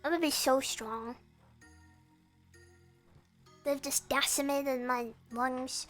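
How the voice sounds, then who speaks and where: A woman's voice: sits high, fairly even intonation, slow pace, long pauses, fairly bright tone, soft background music. A young woman chatting casually and playfully with her viewers on a stream from her room. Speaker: VTuber streamer.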